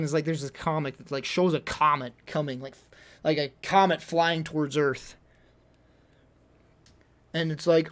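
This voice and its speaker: A man's voice: on the high side, fairly even intonation, a little slow, pauses often. A young man venting in casual livestream chat, rambling and exasperated, full of fillers.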